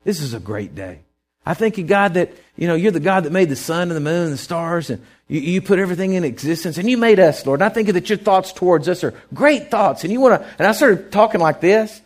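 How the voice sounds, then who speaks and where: A middle-aged male preacher giving a sermon, telling stories and swinging from quiet asides to loud, emphatic lines. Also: fairly high pitch, animated, fast talker.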